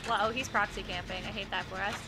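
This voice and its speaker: A woman streaming a game, chatting casually and often yelling at the action. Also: mid-range voice, steady tone, quick pace, background noise. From United States. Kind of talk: casual gaming stream chat.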